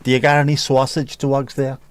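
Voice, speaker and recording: A man's voice: medium pitch, level tone, brisk. A man hosting a livestream, chatting casually and teasing as he reads out viewer comments with sweary banter. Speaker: livestream host.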